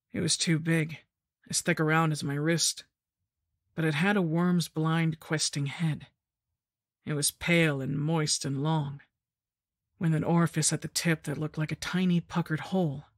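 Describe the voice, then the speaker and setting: Woman reading a creepy story, pretty flat even delivery, dry close mic. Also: low-pitched, no room sound. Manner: steady, measured first-person telling. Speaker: narrator. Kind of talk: scripted horror narration.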